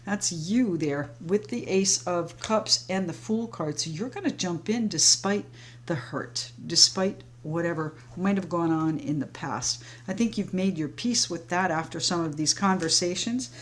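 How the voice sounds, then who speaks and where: A woman's voice: fairly low pitch, unhurried. A woman doing a tarot reading, talking in a flowing, reassuring way straight to her viewers as friends. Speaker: tarot reader. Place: home, sage burning nearby.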